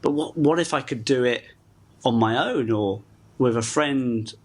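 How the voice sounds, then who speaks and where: A man's voice: mid-range voice, a little slow. Laughing, self-deprecating man from the UK. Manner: chatty, laughs through his stories, self-deprecating. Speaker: actor guest. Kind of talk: casual interview chat.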